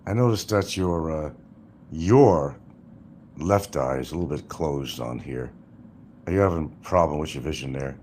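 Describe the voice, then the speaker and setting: A man's voice: extremely low pitch, lively intonation, normal speed, a little mellow, a little hiss or hum. An older man hosting a livestream, rambling and mocking with crude, casual talk. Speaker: livestream host.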